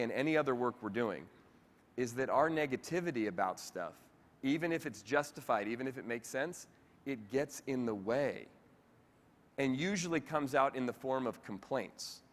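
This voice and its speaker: A man giving a lively motivational keynote talk, chatting directly with the audience at a convention. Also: mid-range voice. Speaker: keynote speaker. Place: convention hall with live audience. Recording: reverberant convention hall.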